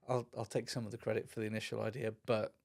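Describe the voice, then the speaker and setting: A man's voice: on the low side, level tone, quick pace, gravelly. A middle-aged man co-hosting a podcast in casual chat, laid-back and chummy. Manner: laid-back, chummy, often says "mate". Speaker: podcast co-host.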